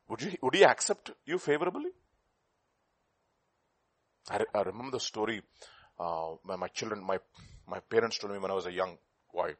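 Animated male preacher, sweeping pitch. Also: normal speed, long pauses. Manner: animated, rhetorical questions, storytelling. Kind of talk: sermon.

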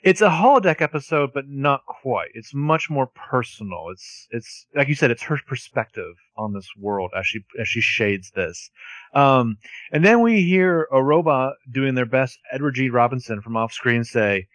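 A man's voice: medium pitch, expressive, normal speed, a bit bright, dry recording. A man co-hosting a podcast, chatting casually and animatedly as he recaps a TV episode, often restarting his sentences. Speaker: podcast co-host.

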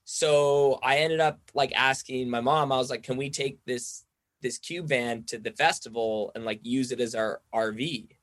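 A man's voice: mid-range voice, normal speed, a bit bright, no echo. Rambling man telling a story. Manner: rambling, says "like" constantly, acts out quoted voices. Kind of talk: casual storytelling chat.

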